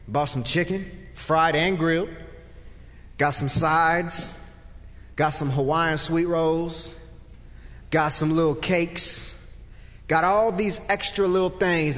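High-voiced man telling a lively testimony. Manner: vivid storyteller, swings from loud excited to soft and hushed. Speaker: speaker telling a personal testimony. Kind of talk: animated faith testimony. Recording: long hall reverb.

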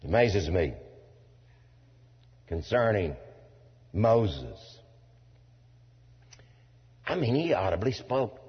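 A man preaching a sermon to a congregation, swinging from loud declaiming to low asides, with folksy turns of phrase. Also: sing-song, slow, pauses often, husky. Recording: dull lo-fi sound in a reverberant hall.

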